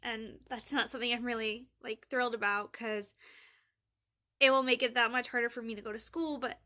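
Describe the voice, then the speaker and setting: A woman's voice: fairly high pitch, steady tone, brisk, bright, forceful tone. A young woman in a casual diary vlog, rambling and chatty as she retells conversations. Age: young adult. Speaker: college student vlogger.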